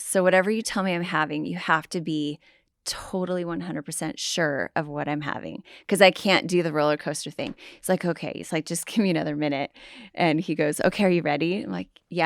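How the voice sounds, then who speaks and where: Recorded dry and at studio quality, this deep-voiced middle-aged woman is a pastor's wife guesting on a podcast. She chats casually about her family, bringing the stories to life by performing the lines people said.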